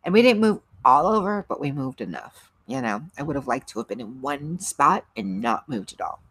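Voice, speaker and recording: A woman's voice: rumbling low, very animated, normal speed, a bit bright, slightly rough. A middle-aged woman hosting a livestream, chatting casually with viewers, rambling and laughing often. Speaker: livestream host. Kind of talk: casual chat with live viewers.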